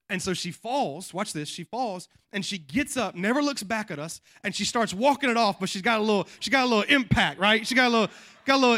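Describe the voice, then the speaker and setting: A male pastor preaching a sermon in church, telling a family story with lively animation and often dropping to a hush before building up to a shout, with repeated asides like "watch this.". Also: sits high, no room sound, clean studio sound. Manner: repeats catchphrases like "watch this" and "you know what I mean".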